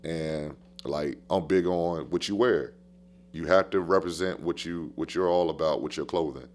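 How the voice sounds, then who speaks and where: A man who coaches basketball, telling stories on a podcast in a casual, animated, slangy way and repeating phrases for emphasis. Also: low-pitched, moderate pace.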